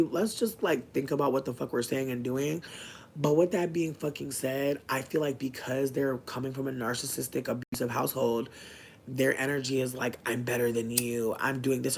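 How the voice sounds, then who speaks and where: A man speaks straight to his viewers in a loose, candid monologue, frank and full of "like" and swearing. His voice sits at an ordinary middle pitch. A faint rumble runs under the recording. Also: gravelly. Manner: chatty, frank, swears a lot, many "like" fillers. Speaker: vlogger. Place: indoors at home.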